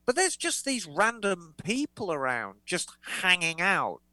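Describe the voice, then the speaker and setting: A woman's voice: on the low side, sing-song, a little slow, sharp tone, no echo, poor audio. A woman co-hosting a motorcycle podcast, reading listener letters aloud in a chatty, playful way. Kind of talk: casual podcast chat.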